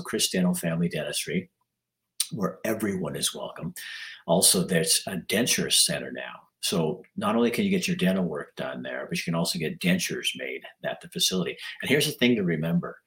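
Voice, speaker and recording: Deep-voiced older man, hoarse and rambling. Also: fairly bright tone. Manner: rambling, folksy, frequent throat-clearing. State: losing his voice. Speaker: livestream host. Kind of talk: casual live-stream chat.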